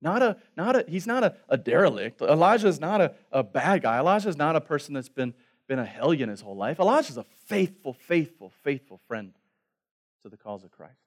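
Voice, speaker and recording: Male pastor giving a sermon, kinda high voice, goes quiet on the big words for emphasis. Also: big pitch swings, brisk. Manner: dropping to a hushed voice on key words, emphatic.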